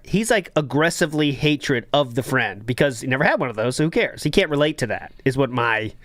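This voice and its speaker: A man's voice: a little high, fairly bright tone, no room sound. Critical man host, dry close sound. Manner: analytical, critical, talks things through. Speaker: podcast host. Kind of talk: casual commentary on clips.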